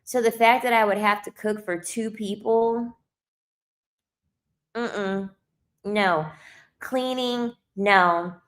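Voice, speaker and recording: A woman's voice: medium pitch, steady tone, slow, long pauses, fairly bright tone. A young adult woman talking straight to camera in a casual monologue, blunt and emphatic, repeating lines for effect with sassy asides. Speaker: video creator.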